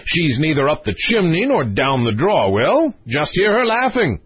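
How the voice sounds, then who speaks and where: A man voicing a blustering, self-satisfied king who argues in loud exclamations, on a dull lo-fi recording. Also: fairly high pitch, very animated, normal speed, slightly rough, no echo, pitched above the performer's own voice, heavily acted. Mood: impatient. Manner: exclaiming, argumentative.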